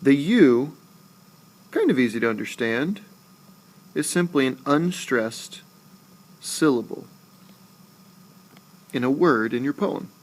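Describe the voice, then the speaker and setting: A man teaching a recorded lesson, talking slowly and deliberately and saying example words aloud more than once. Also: medium pitch, animated. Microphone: screencast voice-over.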